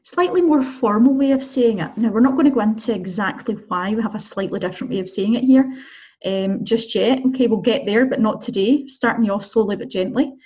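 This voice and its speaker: A woman teaching a beginner Spanish lesson in a chatty, encouraging way, slowing down to model pronunciations and checking in with "okay?". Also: on the high side, a little mellow, breathy edge, muffled recording. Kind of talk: recorded online language lesson.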